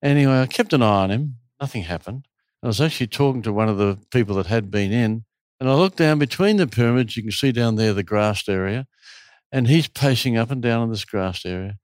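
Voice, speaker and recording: A man's voice: medium pitch, fairly quick, dry recording, studio quality. Man telling a story with relish. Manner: animated, lively storyteller. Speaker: retreat owner telling stories. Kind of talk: casual storytelling interview.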